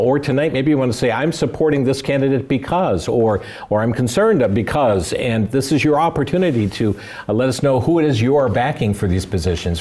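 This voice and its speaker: A man hosting a call-in talk show, inviting callers and slowly reading out phone numbers. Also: medium pitch, mellow.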